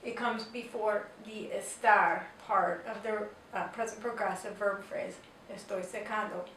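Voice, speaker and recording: A woman's voice: mid-range voice, steady tone, unhurried, fairly bright tone. Woman teaching Spanish grammar, echoey room. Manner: patient, explains step by step with examples. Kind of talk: explaining grammar lesson. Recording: roomy echo, distant mic, faint noise.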